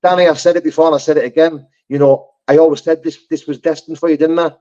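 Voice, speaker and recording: Fast-talking, rambling man on a lo-fi live stream. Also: a little high, level tone, dark tone. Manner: rambling, heartfelt and sweary, many restarts. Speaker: host of a live chat. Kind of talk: casual live-stream chat.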